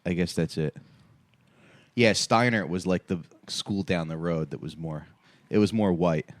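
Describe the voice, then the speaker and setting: A man's voice: deep voice, a little slow, dry recording. A man from New Jersey, a comedy podcast co-host, telling a story in casual banter and laughing often.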